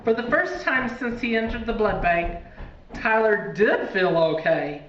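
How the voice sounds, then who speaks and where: A woman reading a spooky children's storybook aloud in a deliberate, dramatic way. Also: fairly high pitch, expressive. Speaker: reader. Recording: distant, echoey, dull, faint hiss.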